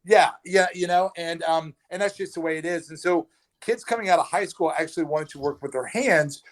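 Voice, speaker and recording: A fairly high-voiced man chats as a podcast guest over a patchy remote call. He tells stories in an animated way, often restarting his sentences. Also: fairly quick. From Texas. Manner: animated storyteller with frequent restarts. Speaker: podcast guest, trades recruiter. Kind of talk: casual storytelling chat. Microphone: remote call with a bad connection.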